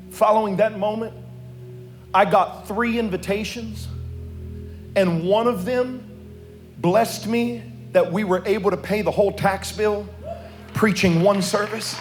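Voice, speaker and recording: A man pastor preaching a sermon, moving between quiet, personal storytelling and loud, sing-song calls to the congregation in a church sanctuary. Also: high-pitched.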